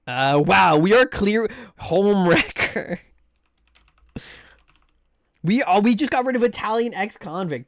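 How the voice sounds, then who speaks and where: A male streamer rambles and jokes through a live game session, swearing freely and reacting to his viewers. His voice sits a little high and bounces around with lively swings in pitch. The sound is close and dry, with little room echo. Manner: joking, swearing, rambling, reacting loudly to chat. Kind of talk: casual live-stream commentary while gaming.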